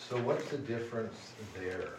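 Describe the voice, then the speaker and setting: A man with a low voice asks a measured question during a Bible class. He is far from the mic in a very echoey room, with clear background noise. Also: expressive. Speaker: class member asking a question.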